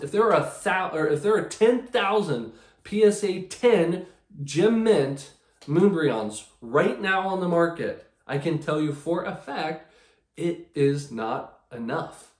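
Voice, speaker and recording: A man's voice: on the high side, lively intonation, unhurried, echoey room. A man hosting his channel, talking casually and sarcastically in a rambling way with many restarts. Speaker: channel host. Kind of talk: casual talk about card collecting.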